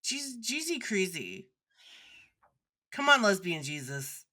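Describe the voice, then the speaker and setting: A young woman co-hosting a podcast, chiming in casually with quick agreement and short asides. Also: mid-range voice, big pitch swings, bright, forceful tone. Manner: quick agreeing interjections, laughs along. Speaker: podcast co-host. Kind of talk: casual fan chat.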